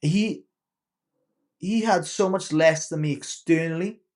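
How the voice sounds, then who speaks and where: A man's voice: fairly high pitch, slow, a little mellow. A man in his thirties, a podcast guest and coach, casually telling a personal story and acting out the quoted dialogue.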